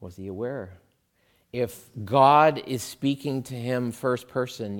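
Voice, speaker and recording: A man delivering a sermon at a slow, unhurried pace. His voice sits at an ordinary middle pitch, and he talks it through conversationally, pausing on fillers and asides as he reasons aloud. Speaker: pastor.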